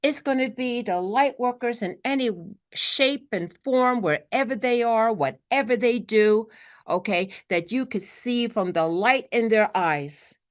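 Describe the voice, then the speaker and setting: A woman's voice: a little high, lively intonation, measured pace. Brooklyn woman giving a spiritual talk. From New York. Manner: earnest, peppers talk with "okay", acts out quotes. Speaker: spiritual teacher.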